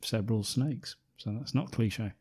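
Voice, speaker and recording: Bloke, lower voice, dry jokey podcast co-host, laughs a lot. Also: male voice, unhurried, darkish tone, husky. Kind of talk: casual film-review chat.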